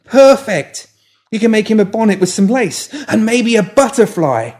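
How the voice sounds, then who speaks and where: A man's voice: fairly high pitch, lively intonation, brisk, voice pushed up. A man voicing a bubbly, gushing young woman. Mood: gleeful. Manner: chatty, gushing, teasing.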